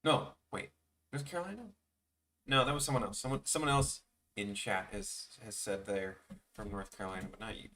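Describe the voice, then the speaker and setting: Young male streamer, rambling and self-deprecating, bright tone, sits back from the mic. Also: lowish voice, a little fast, recorded from a distance, a little hiss or hum. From Chicago, USA. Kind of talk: casual chat while drawing on stream.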